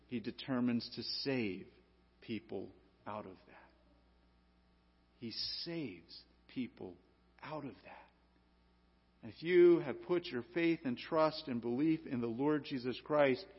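A man preaching a sermon, swinging from loud emphasis to hushed low tones. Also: husky. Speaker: pastor. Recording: dull lo-fi sound in a reverberant hall.

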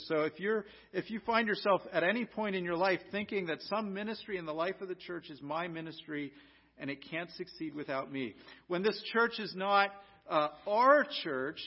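A man's voice: high-pitched, moderate pace. An American man and pastor preaching a sermon earnestly, asking rhetorical questions and often restarting his sentences. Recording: dull lo-fi recording.

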